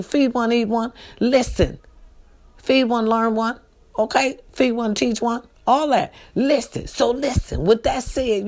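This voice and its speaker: A middle-aged woman talking straight to her followers in a casual vlog, emphatic and repetitive, preaching and pleading in turns. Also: a little high. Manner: emphatic, repetitive, preachy, calls viewers baby and y'all. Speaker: vlogger appealing to followers. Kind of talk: direct-to-camera casual appeal.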